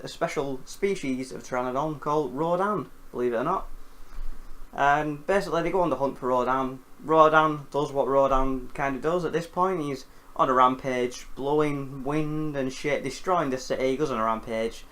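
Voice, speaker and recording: A man hosting a casual film recap, animated and jokey, with casual swearing. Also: mid-range voice, normal speed. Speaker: film reviewer host.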